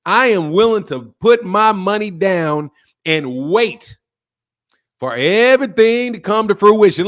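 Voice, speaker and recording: Hosting a live boxing stream and trading talk with viewer chat, this man has a fairly high voice and a brash, swaggering, trash-talking style. He's animated and laughs often, taking things slowly while his delivery swings between loud shouted outbursts and low mutters.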